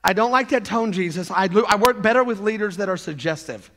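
A man preaching an energetic sermon to a congregation, often acting out playful quoted voices. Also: high-pitched, brisk. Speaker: pastor.

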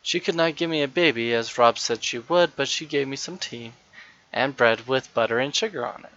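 Man doing a shy, eager little girl in a storybook, bright and pitched up, dry lo-fi sound. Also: normal speed, no room sound, lightly acted. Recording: dull, lo-fi dry recording.

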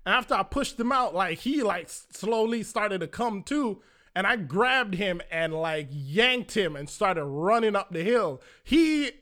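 A young Jamaican man telling a wild story in a casual, profane, animated way. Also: sits high, unhurried. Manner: animated, profane, acts out his own panicked lines.

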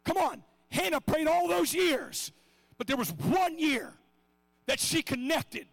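A middle-aged man preaching a sermon with passion, swinging between shouts and hushed asides. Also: extremely high pitch, animated, slow pace, vocal fry, no echo.

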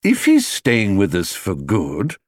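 A man's voice: medium pitch, wildly swooping pitch, measured pace, breathy edge, no echo, pitched above the performer's own voice, full character voice. A man voicing an earnest middle-aged father in an audiobook reading, a little vague and hasty in manner.

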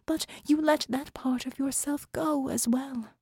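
A woman voiceover artist reading dark fiction as narrator, slow and hushed, often sinking to a whisper. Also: sits high, expressive, husky, no echo, clean studio sound.

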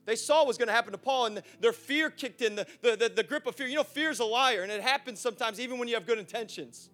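A man preaching a sermon in a church, chatty and animated, acting out scenes and asking the congregation questions. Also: very high voice, fast. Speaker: pastor.

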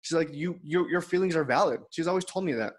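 A man's voice: fairly high pitch, fast, background noise. A man co-hosting a podcast, candidly telling a personal story in casual chat and quoting others in his own voice. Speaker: podcast co-host.

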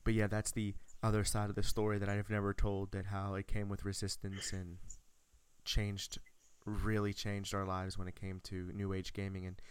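A young man chats into the mic for his podcast, telling a long story with eager, rambling energy. His voice is low and smooth. The sound is dry and close. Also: monotone, moderate pace, no echo. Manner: enthusiastic, rambling with restarts. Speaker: podcast host. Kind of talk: casual storytelling chat.

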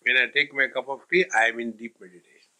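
Bright-voiced swami joking through a discourse. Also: male voice, mid-range voice, fairly even intonation, fast talker, rough recording. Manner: storytelling with jokes, mixing in Hindi sayings. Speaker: swami teaching a spiritual text. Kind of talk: humorous spiritual discourse.

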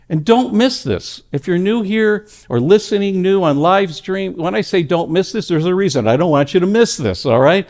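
A high-pitched male pastor preaches a sermon at a church service, telling stories with animated delivery. He swings between loud, emphatic lines and hushed ones.

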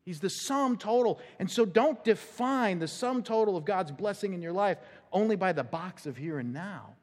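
A man's voice: high voice, a little mellow. A man preaching a conversational sermon as pastor, acting out quotes and laughing along the way. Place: church sanctuary. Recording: long church hall reverb.

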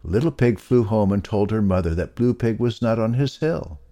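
A man reading a children's story aloud in an unhurried, expressive way. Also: on the low side.

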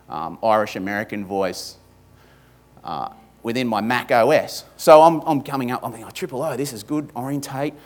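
A man with an Australian accent preaching a sermon in church, emphatic, stacking repeated lists and slipping in humorous asides. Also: mid-range voice. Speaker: pastor.

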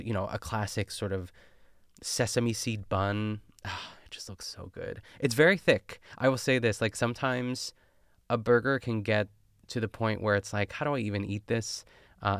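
Gravelly low-voiced man, chatty recap. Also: fairly bright tone, dry recording, studio quality. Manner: chatty and rambling, full of fillers and tangents. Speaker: podcast host recapping a cooking show. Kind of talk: casual chat.

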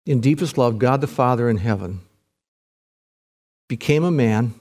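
A man preaching a sermon in a folksy way, swinging from loud fervent peaks to hushed, low passages. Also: unhurried. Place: church service with a live audience.

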